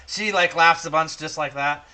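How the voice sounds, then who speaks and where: A young man narrating a tabletop game as game master, in a casual, profane, animated way. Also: a little high.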